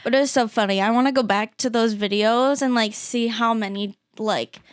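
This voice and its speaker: Bubbly woman cohost, smooth clear voice, says like constantly, dry mic. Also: a little high, fairly even intonation, moderate pace, no echo. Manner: bubbly, lots of 'like' fillers. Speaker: podcast co-host. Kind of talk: casual chat.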